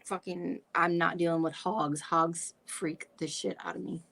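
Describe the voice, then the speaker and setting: A woman from Michigan's Upper Peninsula chats with a friend on her stream, talking bluntly and swearing freely. Her voice sits a little low. She laughs often as she talks. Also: little pitch movement, a little slow, vocal fry, fairly bright tone, poor audio. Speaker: vlog host. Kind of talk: casual chat.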